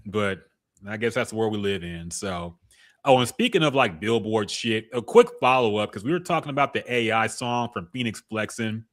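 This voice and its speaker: A man co-hosting a podcast, giving relaxed, opinionated takes on music in casual chat and laughing often. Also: on the low side, normal speed. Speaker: podcast co-host.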